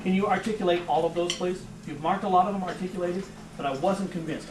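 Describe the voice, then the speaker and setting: A man coaching a school jazz band in rehearsal, animated and joking as he gives notes. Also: high-pitched, fast talker, hardly any pauses, music in the background. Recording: distant mic with room noise.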